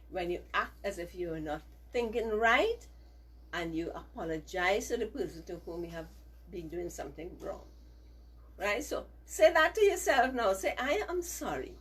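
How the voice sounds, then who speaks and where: A woman's voice: mid-range voice, fairly bright tone, husky, poor audio. A middle-aged woman teacher giving a values lesson to children, coaxing them to repeat phrases after her.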